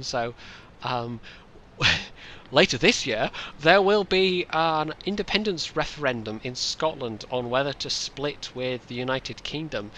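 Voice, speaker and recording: A man casually answering viewer questions in a relaxed, hesitant way, with frequent ums and restarts. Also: a little high. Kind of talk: casual Q&A chat.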